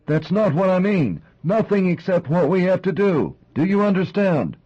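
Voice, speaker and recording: A man voicing a calm, cold middle-aged male crime boss, raspy and impassive in manner. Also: high-pitched, normal speed, highs cut off, pitched above the performer's own voice, exaggerated voice. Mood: commanding. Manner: flat and impassive.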